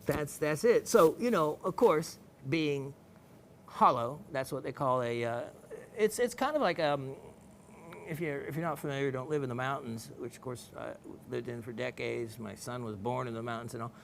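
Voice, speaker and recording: A man's voice: medium pitch, lively intonation, moderate pace, gravelly, slight background noise. A middle-aged man with a Southern US accent hosting a gemstone show, chatting casually and reading viewer messages in a folksy, rambling way. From American South. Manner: folksy, rambling, playful, with frequent fillers and laughs.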